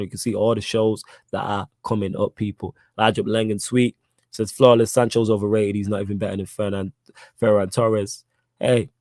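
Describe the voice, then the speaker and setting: A young man hosts a live football podcast, reading out chat questions in slangy, emphatic fashion and hammering his points home more than once. His voice sits lowish and slightly mellow, and the recording is dry. It's casual live-stream chatter.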